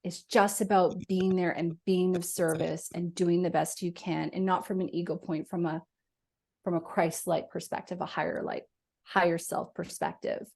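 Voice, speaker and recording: A woman guest, a medium, talking in a casual interview, animated and expressive as she explains. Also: fairly low pitch, moderate pace, creaky. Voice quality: animated, talks with her hands.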